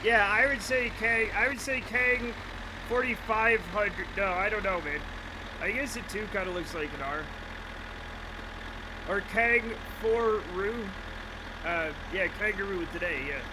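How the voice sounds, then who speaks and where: A man's voice: high voice, measured pace, background noise. A man streaming a game, chatting casually, joking, swearing and often laughing. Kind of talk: casual livestream commentary.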